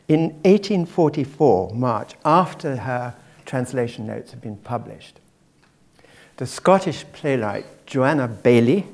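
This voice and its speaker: A man's voice: medium pitch, gravelly, a little mellow. A man giving a public lecture to a live audience, discursive and dropping wry asides.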